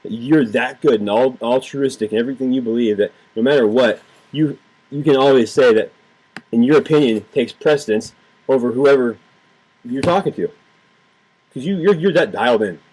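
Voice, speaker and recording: A man's voice: medium pitch, normal speed, darkish tone, breathy edge, poor audio. A man giving heated, sarcastic political commentary, repeating himself and swearing freely. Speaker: political vlogger. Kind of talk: ranting political commentary to camera.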